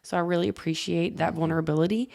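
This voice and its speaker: A woman's voice: on the low side, steady tone, quick pace, gravelly, darkish tone. A woman podcast host reflecting on what the guest shared and explaining ideas about emotions. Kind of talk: casual conversation.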